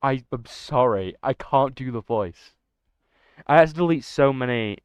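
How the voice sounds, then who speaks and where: A young man chatting excitably and rambling to his livestream chat. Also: mid-range voice, moderate pace, smooth, no echo. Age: young adult. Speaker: streamer. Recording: dull lo-fi dry mic.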